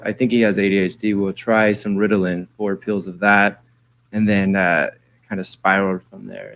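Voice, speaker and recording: Casting: low-pitched man, laid-back artist guest, rambling storyteller. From San Jose area, California. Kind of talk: casual interview talk. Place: radio studio.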